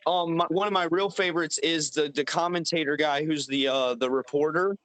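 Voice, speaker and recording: A man's voice: a little high, steady tone, brisk, crowd noise, low-quality recording. A man co-hosting a casual comedy podcast, rambling and swearing with lots of fillers. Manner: rambling, profane, filler-heavy. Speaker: podcast co-host.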